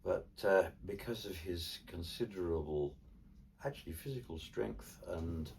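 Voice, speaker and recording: A man's voice: low voice, a little slow, creaky, darkish tone, slight background noise. An older man from Cornwall, an artist and ventriloquist, telling stories in a theatrical, wry way during a casual chat. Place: indoors in his home studio. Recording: distant mic, faint room ambience.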